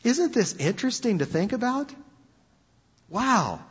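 A man preaching a sermon in an animated, conversational storytelling manner. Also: extremely high pitch, unhurried, husky. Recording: dull lo-fi sound with long hall reverb.

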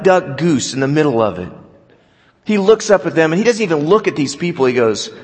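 A man preaching a sermon, telling stories with animation and dropping to a quiet voice for scripture. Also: mid-range voice. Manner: storytelling, animated, drops to quiet for quoted scripture. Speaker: pastor. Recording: long hall reverb.

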